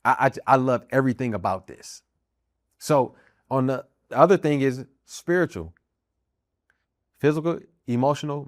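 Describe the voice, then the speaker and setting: This is a personal testimony from a middle-aged American podcast host who served in the army and now works as a minister. Earnest and emphatic, he repeats key phrases for weight. His voice sits mid-range, and the studio recording has no echo.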